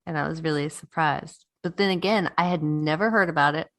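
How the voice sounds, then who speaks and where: Lady podcaster chatting loose, swears a lot, lots of laughs, kinda low voice. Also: fairly quick, a bit bright. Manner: swears freely, laughs often. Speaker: podcast co-host. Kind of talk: casual chat.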